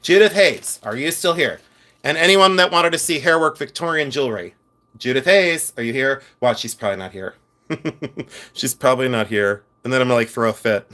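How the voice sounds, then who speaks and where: A man from Ohio selling jewelry on a livestream, chatting casually in an excitable, rambling way and talking to his viewers. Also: medium pitch, normal speed. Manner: rambling, excitable, talks to the chat. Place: his office.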